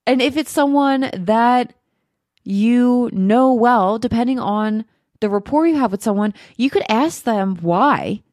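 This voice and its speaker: A woman's voice: fairly high pitch, animated, measured pace, darkish tone, dry recording, studio quality. A woman giving upbeat, chatty self-help advice straight to her viewers, laughing often. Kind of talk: encouraging direct-to-camera talk.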